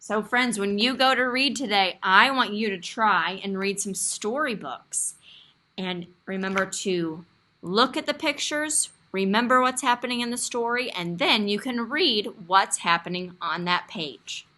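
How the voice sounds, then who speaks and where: A woman teacher leading a young class over a video call, encouraging and expressive as she reads a story aloud. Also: medium pitch, unhurried. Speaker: kindergarten teacher. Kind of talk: online class lesson.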